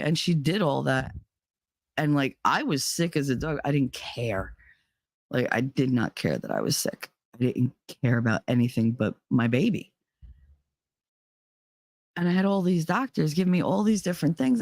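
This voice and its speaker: A woman with a low-pitched voice tells her own story with blunt, profane emphasis. She sounds dry and close, with no room around her. Her delivery is heated and direct. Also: moderate pace, darkish tone, no room sound. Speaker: podcast host. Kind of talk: personal storytelling.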